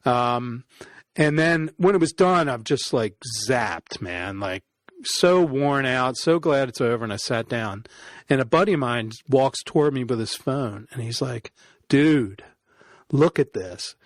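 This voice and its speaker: Male podcast guest, casual animated storyteller, mid-range voice, dry mic. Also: mid-range voice, unhurried, no room sound. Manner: animated, laughs often, acts out quoted voices.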